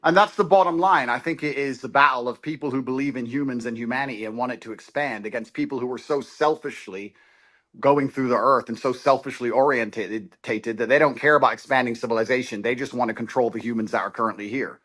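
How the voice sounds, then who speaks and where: A man as a guest in a heated political talk, speaking forcefully and declaratively. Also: mid-range voice, quick pace.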